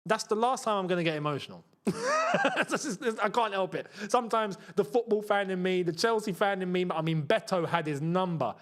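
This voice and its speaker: A young man hosts a live football watchalong, chatting, reading out viewer comments, and now and then bursting into emotional shouts. His voice is high and quick, with few pauses.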